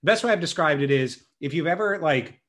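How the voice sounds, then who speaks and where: A young man telling a story in a casual chat, animated and self-mocking. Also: fairly high pitch, a little fast.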